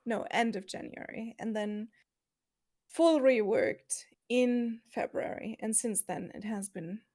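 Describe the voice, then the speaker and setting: A woman's voice: fairly high pitch, slow, a little mellow, dry recording, clean studio sound. A woman on a roleplay server's staff giving earnest, appreciative thanks in a casual community meeting.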